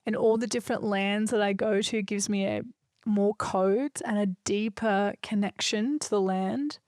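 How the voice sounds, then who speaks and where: A woman's voice: medium pitch, steady tone, a little slow, a little mellow, dry recording, clean studio sound. A woman hosting a solo podcast, talking in an earnest, emphatic, reflective way. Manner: earnest, emphatic and spiritual, with a few loose swears. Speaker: podcast host.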